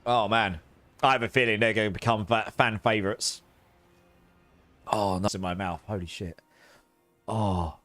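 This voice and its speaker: A man streaming a game live, chatting with viewers in a casual, animated way and groaning through reactions. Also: on the low side, normal speed, long pauses, faint music behind.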